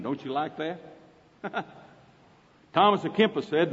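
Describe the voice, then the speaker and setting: A man's voice: medium pitch, normal speed. A man with an Oklahoma accent preaching a sermon in a folksy, emphatic way, quoting scripture often. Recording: dull recording with long hall reverb.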